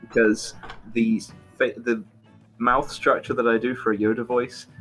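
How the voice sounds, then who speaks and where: A man's voice: mid-range voice, flat delivery, a little slow, a bit bright, faint music behind. A man on a casual online chat panel, blunt and swearing, often restarting his sentences. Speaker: panel guest.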